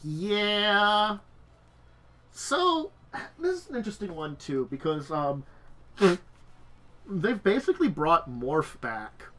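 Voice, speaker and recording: Male host, under the weather, casual and rambling, slightly raised pitch. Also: big pitch swings, slow, long pauses, sharp tone. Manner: rambling with frequent restarts and fillers. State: sick and tired. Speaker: podcast host. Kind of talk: casual chat.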